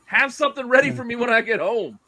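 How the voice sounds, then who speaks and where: A man's voice: extremely high pitch, expressive, fast talker, bright, forceful tone, no echo. A man co-hosting a casual chat show, joking and bantering with friends. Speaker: podcast co-host.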